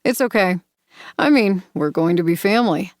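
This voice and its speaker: A woman reading the part of a charming but edgy young man in an audiobook, smooth and then suddenly intense. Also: on the low side, lively intonation, normal speed, a little mellow, dry recording, studio quality, natural voice.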